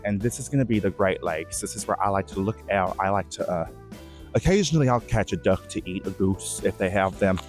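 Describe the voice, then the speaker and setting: A self-absorbed Bigfoot rambles earnestly through his forest home, played by a man in a deadpan mock-documentary. He talks in a low, unhurried voice, stops and restarts his sentences, and mixes vanity with painful shyness. Faint music plays under the outdoor recording. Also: lightly acted. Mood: earnest rambling. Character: vain, shy, emotional Bigfoot giving a forest tour. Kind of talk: mock-documentary comedy monologue. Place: outdoors in woods.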